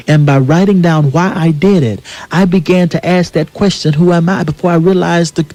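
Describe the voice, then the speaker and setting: A young American man talks with the rolling, repetitive cadence of a preacher. His voice sits fairly high for a man, and he builds his points through steady repetition on a radio talk show. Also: fairly quick, hardly any pauses. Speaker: guest playwright. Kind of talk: impassioned radio interview.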